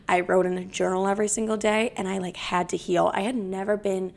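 Gravelly-voiced young woman telling a story. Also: medium pitch, level tone, a little fast. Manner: profane, confessional, chatty with frequent "like" fillers. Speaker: podcast host and comedian. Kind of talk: casual storytelling.

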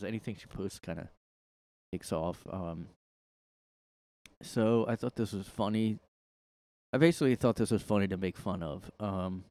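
A man's voice: on the low side, warm tone, no echo. A man hosting his own podcast in a casual, rambling monologue, sarcastic and full of "like". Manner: rambling, sarcastic, heavy use of "like". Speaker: podcast host. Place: his room.

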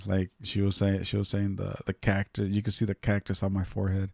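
Deep gravelly man telling a rambling story. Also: monotone, moderate pace, few pauses, a little mellow, dry recording, clean studio sound. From Northern California. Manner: rambling, swears freely, many fillers. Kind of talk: casual storytelling.

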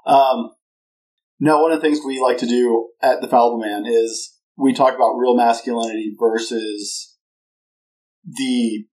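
A man's voice: medium pitch, a little mellow, low-quality recording. A man hosting a podcast interview in a chatty, self-deprecating and conversational way. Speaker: podcast host. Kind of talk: casual interview chat.

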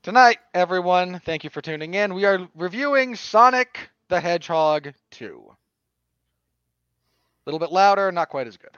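A man's voice: high-pitched, lively intonation, normal speed, few pauses, a bit bright, smooth, no echo, dull audio. A man in his thirties co-hosting a movie-review podcast, dry and sardonic, given to teasing. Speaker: podcast co-host. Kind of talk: casual movie-review chat.

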